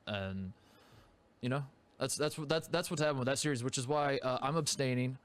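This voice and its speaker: A man's voice: mid-range voice, brisk. A young man co-hosting a sports podcast in casual chat, rambling and self-mocking as he acts out imagined fans. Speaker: podcast co-host.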